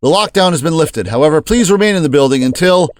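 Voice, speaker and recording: A man's voice: on the high side, lively intonation, fast talker, no room sound, studio quality, close to an everyday voice. A man voicing a male school headmaster reading a formal announcement.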